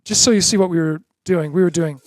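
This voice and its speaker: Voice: medium pitch, fast, darkish tone, dry recording, studio quality. A drum teacher giving a beginner lesson in an encouraging way, chanting drum syllables in rhythm.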